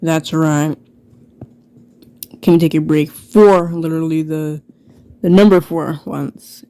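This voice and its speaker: A woman with a low, dark and mellow voice talks slowly through an old childhood book in casual commentary. She rambles and mocks herself, dropping "like" between phrases. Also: fairly even intonation, no echo. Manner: self-mocking, rambling, many "like" fillers. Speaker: video creator.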